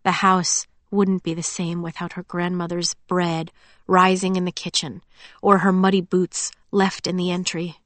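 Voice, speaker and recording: A woman narrating an audiobook in a calm, measured storytelling manner. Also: on the low side, no echo. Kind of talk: scripted narration.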